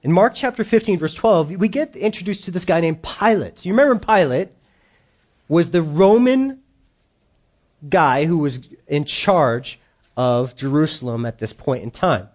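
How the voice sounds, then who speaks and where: A male pastor preaching a sermon in an animated way, acting out the quoted voices. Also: on the high side, a little slow.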